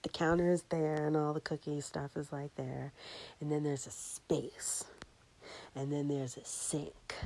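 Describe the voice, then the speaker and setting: A woman with a fairly low, breathy voice tells a rambling story from her day. She chats loosely and dips into a hushed whisper whenever she voices what went through her head. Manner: chatty, often drops into a whisper for inner thoughts. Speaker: podcast host. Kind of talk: casual storytelling.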